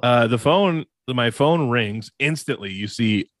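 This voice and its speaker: A man's voice: mid-range voice, lively intonation, a little slow, no room sound. A man co-hosting a podcast, telling a rambling story in a casual way and laughing along. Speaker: podcast co-host.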